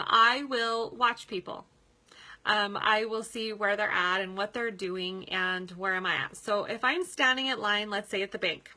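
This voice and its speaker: A woman's voice: medium pitch, sharp tone. A woman giving a casual coaching talk as a sales team leader. She sounds upbeat and chatty, laughs often and uses many fillers.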